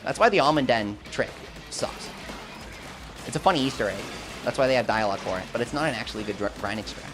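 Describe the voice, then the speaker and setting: A young man commentating live gameplay and chatting with his viewers, swinging between hype and quick explanations. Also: mid-range voice, expressive, over music. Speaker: gaming streamer.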